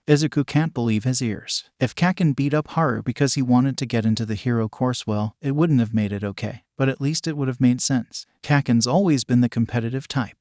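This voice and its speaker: A man's voice: mid-range voice, fairly quick, few pauses, a little mellow, dry recording. Man narrating a fan story, dry.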